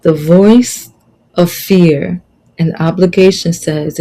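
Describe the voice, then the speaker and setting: A woman's voice: deep voice, steady tone, measured pace, mellow, rough recording. Preachy, emphatic woman life coach. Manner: preachy, emphatic, repeats key phrases. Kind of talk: motivational online lesson.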